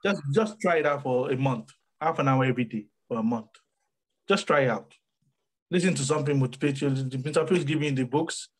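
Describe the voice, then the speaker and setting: A man's voice: medium pitch, low-quality recording. A man from Africa co-hosting a podcast, telling stories with emphatic repetition in a casual motivational chat. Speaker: podcast co-host.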